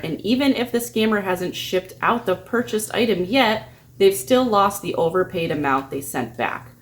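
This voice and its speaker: A woman telling a story in a crafting vlog, playful and mocking. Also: medium pitch. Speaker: crafting YouTuber.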